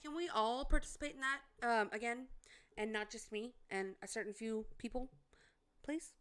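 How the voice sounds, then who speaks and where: A woman's voice: on the high side, normal speed, crowd noise. A woman giving loose, chatty commentary as she reacts to a clip, with lots of fillers.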